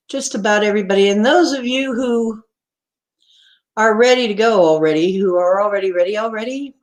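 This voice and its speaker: A woman hosting a live stream in a casual, rambling way, greeting viewers by name and chatting before a craft lesson. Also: medium pitch. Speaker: livestream host.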